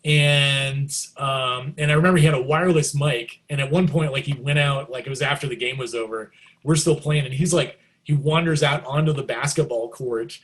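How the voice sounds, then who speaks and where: Middle-aged male musician guest, casual storyteller, chatty and animated, average pitch. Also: normal speed, slight background noise. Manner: animated, jumps into excited quoted reactions; loose and chatty, many likes and you knows.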